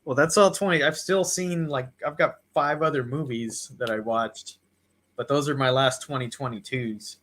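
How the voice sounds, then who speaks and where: A man's voice: medium pitch, normal speed, fairly bright tone. A man co-hosting a casual podcast, laid-back and blunt. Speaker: podcast co-host. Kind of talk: casual chat.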